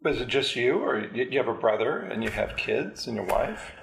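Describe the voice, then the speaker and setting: A man's voice: mid-range voice, sing-song, moderate pace, vocal fry, roomy sound, a little hiss or hum, low-quality recording. A man interviewing a guest, prompting him with short affirmations and follow-up questions. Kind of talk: conversational interview.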